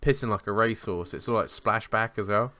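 Young man, podcast co-host, low-ish bright and clear voice, sweary self-mocking storyteller. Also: brisk, no echo. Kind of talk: casual chat, storytelling.

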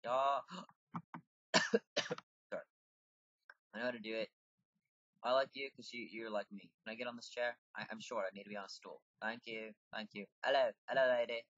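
A man with a deep voice giving casual, rambling commentary while playing a video game and chatting to the characters. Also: fairly even intonation, moderate pace, long pauses, fairly bright tone, dry recording, lo-fi sound.

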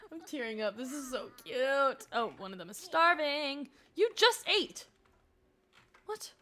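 A young woman chatting through her gameplay on a live stream, excitable and gushing, often talking to the game characters. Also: high-pitched, normal speed.

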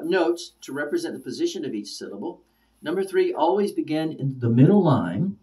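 Man, teacher trainer, repetitive emphatic lecture, dark mellow voice, distant mic. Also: mid-range voice. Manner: repetitive, emphatic, drills words aloud. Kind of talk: instructional lecture.

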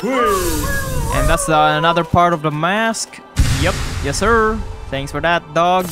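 A man chatting through a game session in a relaxed, rambling way, losing his train of thought and laughing at himself. His voice sits slightly high for a man and he takes his time. Game music plays clearly behind him. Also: slow pace. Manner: rambling, easily distracted, laughing asides. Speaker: gamer. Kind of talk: casual let's-play commentary.

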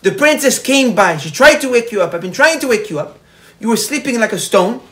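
A man's voice: a little high, big pitch swings, fairly quick, fairly bright tone. A man voicing a loyal guard in a told story, urgent and scolding.

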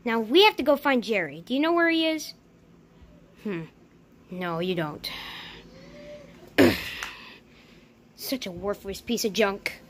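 A woman voicing a jumpy, easily frightened young man who talks to himself nervously in a dark house. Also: mid-range voice, expressive, takes it slowly, long pauses, slight background noise, pitched below the performer's own voice. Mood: grumbling.

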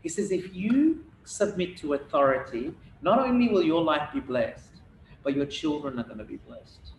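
A man's voice: a little high, big pitch swings, normal speed. A man with an Australian accent preaching a sermon as pastor, emphatic and acting out Bible dialogue, recorded in an echoey church hall. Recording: echoey hall, faint room noise.

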